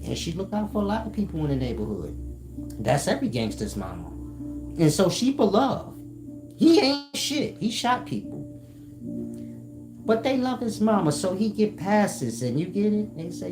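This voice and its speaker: A man telling comic stories to his chat in a slangy, animated way, laughing often and slipping into quoted voices. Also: sits high, normal speed, pauses often. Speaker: streamer talking to his chat. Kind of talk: casual comic storytelling. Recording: roomy sound with music behind.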